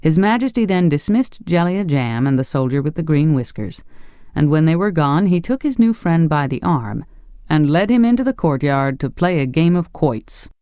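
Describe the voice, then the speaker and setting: A man narrating a fairy tale audiobook in a steady storytelling voice. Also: fairly high pitch, moderate pace, clear, resonant tone, no echo, clean studio sound. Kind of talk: scripted narration.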